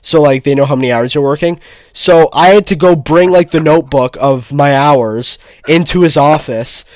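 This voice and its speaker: Guy ranting about his day, swears a lot, higher voice, dry close mic. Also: normal speed, a little mellow, no echo. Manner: profane, heated storytelling. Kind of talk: casual chat.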